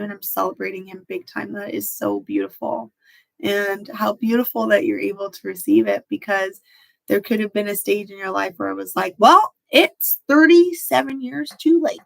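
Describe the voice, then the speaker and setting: A woman's voice: medium pitch, vocal fry, low-quality recording. A woman hosting a live stream, reading out viewers' comments and speaking in a heartfelt, emotional way, close to tears.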